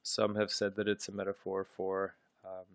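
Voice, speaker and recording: Low-voiced man giving a halting literature lecture. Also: completely flat delivery, no room sound, studio quality. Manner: thoughtful, halting, with frequent ums and restarts. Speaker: literature teacher.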